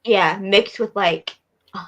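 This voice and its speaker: A woman co-hosting a podcast, chatting excitedly about a TV episode. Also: mid-range voice, lo-fi sound. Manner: excitable, quick to exclaim and laugh. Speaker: podcast co-host. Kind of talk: casual chat about a TV show.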